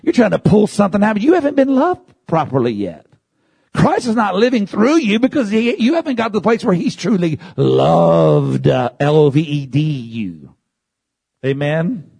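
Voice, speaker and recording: A man preaching a sermon, moving from calm teaching to loud, high-pitched shouting. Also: normal speed, creaky, husky, dry recording.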